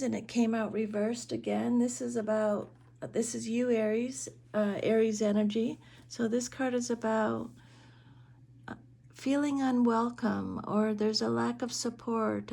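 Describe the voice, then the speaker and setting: Woman, tarot reader, soft-spoken, hesitant, flat delivery, warm tone. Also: a little high, creaky. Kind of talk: tarot reading.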